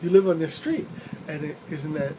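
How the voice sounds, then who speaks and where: A man's voice: on the high side, expressive, moderate pace, background noise. Man telling a story from his car. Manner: rambling, easygoing, chuckles while telling it. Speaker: rideshare driver and channel host. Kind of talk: casual anecdote storytelling.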